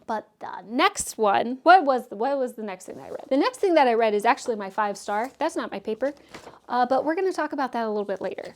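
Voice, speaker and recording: A young woman talking casually and excitably as a book vlogger, reviewing what she read, with many asides and fillers. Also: fairly high pitch.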